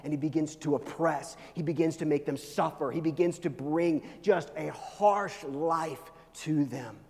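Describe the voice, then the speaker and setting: A pastor preaching a sermon, swinging between loud, rising pleas and hushed, low lines. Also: male voice, unhurried, vocal fry. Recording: long reverb of a large hall.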